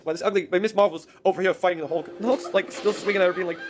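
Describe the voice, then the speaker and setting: A man's voice: sits high, steady tone, rapid-fire, noisy background. A man giving a rambling, profane comic-book recap in casual speech.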